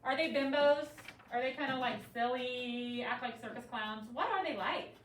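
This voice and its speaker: Captured from a distance in an echoey classroom, a young teacher leads a third grade reading lesson, quizzing her pupils with lively encouragement. Her voice is fairly high and moderately paced, with slight background noise and faint classroom ambience.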